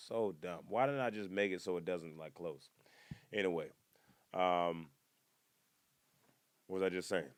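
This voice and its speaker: A man hosting a comedy podcast, rambling casually from one topic to the next with joking asides and sudden loud excited outbursts. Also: low-pitched, no echo.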